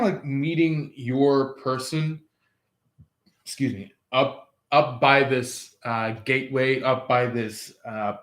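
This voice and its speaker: A man's voice: mid-range voice, a bit bright, slight background noise. A man giving a casual tarot reading, rambling, chuckling and acting out quoted lines. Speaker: tarot reader. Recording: echoey room.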